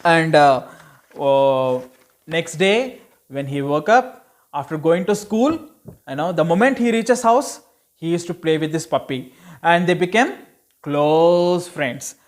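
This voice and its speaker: A man's voice: a little high, takes it slowly. Man telling a children's story. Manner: chatty, many "you know" asides, addresses children. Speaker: Sunday school teacher.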